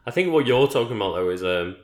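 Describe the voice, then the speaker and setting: A man's voice: fairly low pitch, animated, quick pace. A man from Liverpool co-hosting a podcast, chatting casually and hesitantly with lots of fillers. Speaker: podcast co-host. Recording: echoey room.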